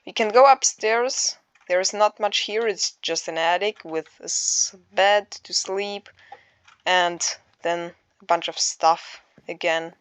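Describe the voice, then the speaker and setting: A woman casually narrating a tour of her game build, halting and searching for words, with many fillers. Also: fairly low pitch, a bit bright, clear, resonant tone, dry recording. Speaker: Minecraft builder giving a map tour.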